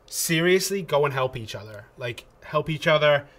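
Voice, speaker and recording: Bright-voiced man hosting a game tutorial. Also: fairly high pitch, lively intonation, normal speed. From England. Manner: chatty, many ums and restarts. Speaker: community manager co-hosting a game tutorial stream. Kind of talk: casual livestream tutorial chat.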